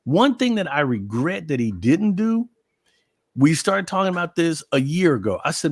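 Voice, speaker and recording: A man's voice: a little high, normal speed, no room sound, studio quality. A man in a conversational chat, earnestly recalling a late friend and acting out their talks, with many repeated words. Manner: animated, quotes himself and his friend at length, repeats words. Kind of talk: emotional conversational recollection.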